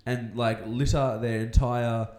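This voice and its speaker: A young Australian man co-hosting a podcast, telling jokey stories in a casual, animated way. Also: medium pitch, measured pace. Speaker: podcast co-host. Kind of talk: casual chat, storytelling. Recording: echoey room.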